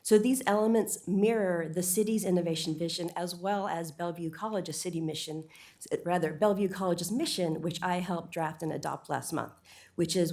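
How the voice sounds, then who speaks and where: A woman speaking at a city council meeting, a little short of breath, with a lowish, gravelly voice. She lays out her points earnestly and persuasively, catching and correcting her own slips. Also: moderate pace, darkish tone. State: slightly out of breath. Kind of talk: prepared public comment speech.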